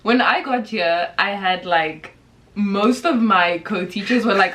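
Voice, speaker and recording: A woman's voice: fairly low pitch, fast talker. South African woman telling teaching stories. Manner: animated storyteller, quotes others. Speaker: vlogger and English teacher. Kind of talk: casual chat.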